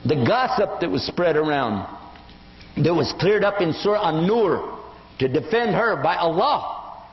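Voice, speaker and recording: An older Islamic preacher lectures in a slightly high, unhurried voice, animatedly telling stories and acting out the voices of the people in them. The echoey hall and dull lo-fi sound color the recording.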